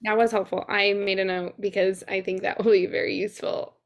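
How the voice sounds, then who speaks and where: A woman's voice: mid-range voice, level tone, brisk, gravelly. A young woman moderating a school session, friendly and a bit giggly as she reads the questions. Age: young adult. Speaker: student moderator. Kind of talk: reading audience questions.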